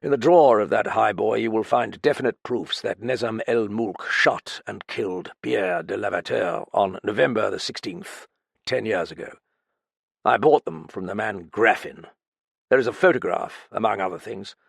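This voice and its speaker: A proud, aloof older gentleman from an audiobook mystery, clipped and formal, voiced by a man. His harsh tone sits low and gravelly, recorded close and dry with no room around it. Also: normal speed, dry recording, heavily acted. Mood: cold, steady. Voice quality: harsh, stiff.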